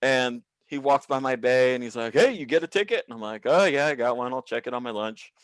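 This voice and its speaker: A man in comic storytelling mode, dry and close with no room sound. He switches into loud, higher voices for the people he quotes and swears freely. His own voice sits at an ordinary middle pitch. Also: a little fast, smooth, dry recording. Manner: animated, profane, acts out quoted people with big pitch jumps. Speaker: comedian guest. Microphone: video call.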